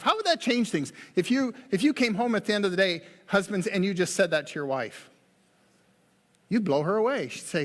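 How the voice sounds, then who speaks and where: Male pastor, high voice, folksy preaching, long church reverb. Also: expressive, a little fast. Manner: folksy, joking asides. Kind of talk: sermon. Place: church sanctuary.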